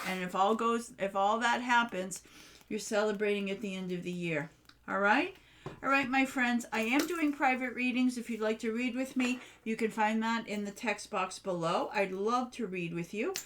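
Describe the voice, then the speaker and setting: A woman in her own home reading tarot cards for her viewers. She talks to them directly, chatty and reassuring, with a voice of ordinary middle pitch. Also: a little hiss or hum. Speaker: tarot reader. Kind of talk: casual tarot reading to camera.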